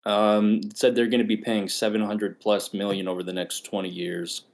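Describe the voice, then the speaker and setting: Young man, low voice, joking podcast co-host, casual banter. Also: level tone, moderate pace. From Australia. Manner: joking, teasing, laughs often.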